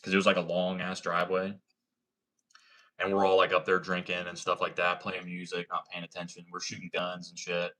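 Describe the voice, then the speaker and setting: Low-voiced, bright-toned man chatting on a livestream. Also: completely flat delivery, fairly quick. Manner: laid-back, profane, slangy, lots of "like" and "bro". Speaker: livestream host. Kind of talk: casual livestream storytelling and chat.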